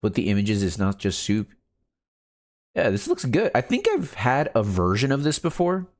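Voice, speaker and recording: A man's voice: medium pitch, huge pitch swings, moderate pace. A man streaming a game, chatting casually with his chat and laughing often. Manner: laid-back, laughs often, reads chat aloud.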